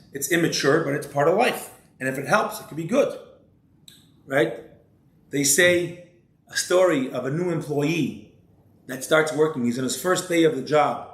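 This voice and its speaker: Rabbi with a slightly high voice. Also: male voice. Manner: measured, asks rhetorical questions. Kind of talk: religious lecture. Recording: roomy echo.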